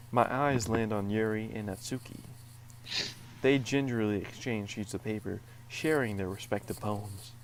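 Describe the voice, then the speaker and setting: A man's voice: fairly low pitch, a little hiss or hum. A man reading a visual novel's narration aloud in a playful, mock-dramatic way. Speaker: let's play co-host.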